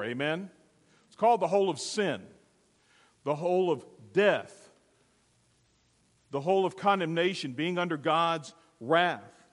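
A male pastor preaches in a church, telling a story emphatically and calling for amens. His voice sits a little high, and a long hall reverb trails every phrase. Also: a bit bright. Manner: storytelling, emphatic, call-and-response. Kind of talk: sermon. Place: church sanctuary.

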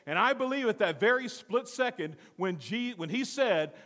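A man preaching a sermon with dramatic swings from loud to hushed, acting out the voices in the story. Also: high-pitched, lively intonation, normal speed, big-room sound. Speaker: pastor.

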